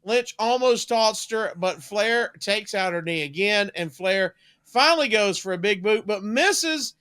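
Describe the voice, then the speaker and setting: A man co-hosting a podcast, reading through a match recap briskly with light joking asides. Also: high voice, animated, sharp tone, clear, resonant tone. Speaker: podcast co-host.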